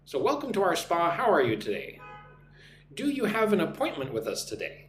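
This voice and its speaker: With wildly swooping pitch and a slightly fast delivery, a high-voiced man from the United States hosts a live online English class. Greeting viewers by name, he drills phrases for repetition; the room echoes and a faint hum sits underneath.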